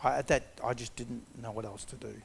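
A man's voice: mid-range voice, fairly even intonation, brisk, vocal fry, slight background noise. A man giving a personal testimony, retelling events conversationally and acting out the quotes.

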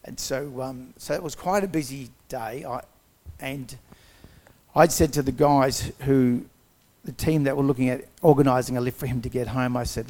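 A man's voice: medium pitch, fairly even intonation, normal speed, a little mellow. A man giving a personal testimony, retelling events conversationally and acting out the quotes.

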